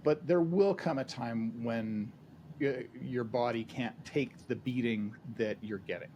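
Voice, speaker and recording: A man hosting a podcast, musing in a reflective, halting way with many restarts and fillers. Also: medium pitch, mellow. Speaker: podcast host. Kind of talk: casual interview chat. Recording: noticeable background noise.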